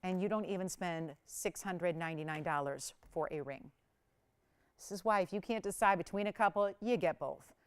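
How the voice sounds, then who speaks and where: A woman's voice: lowish voice, normal speed, clean tone. A woman hosting a live shopping broadcast, talking through jewelry deals in a chatty, upbeat sales patter. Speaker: shopping channel host. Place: TV studio.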